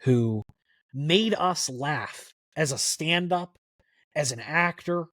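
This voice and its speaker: Here a man's voice, on the high side, unfolds slowly with no room sound at all. He's a country music historian guesting on a podcast, rambling animatedly through stories in casual conversation and saying "like" constantly.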